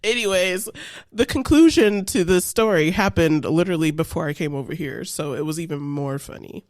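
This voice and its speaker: A woman co-hosting a podcast, telling a funny family story in a casual, animated way and laughing as she goes. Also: fairly low pitch, normal speed, no room sound, studio quality. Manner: animated, laughing, acts out family members' voices. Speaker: podcast co-host.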